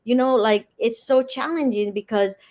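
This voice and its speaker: Brief: Dominican-accented woman guest, Spanish native, passionate storyteller, pitched fairly high. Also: normal speed, darkish tone. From Dominican Republic. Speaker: guest author. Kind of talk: casual interview.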